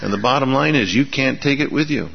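A man's voice: medium pitch, a little fast, gravelly, breathy edge. A man preaching a sermon in a folksy way, asking his listeners rhetorical questions. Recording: reverberant hall, dull lo-fi sound.

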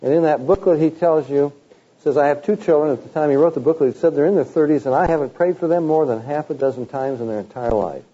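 Dark-voiced male preacher, lo-fi. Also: a little high, fast, slightly rough. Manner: animated, mocking quotes of opponents, rising emphasis. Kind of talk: sermon.

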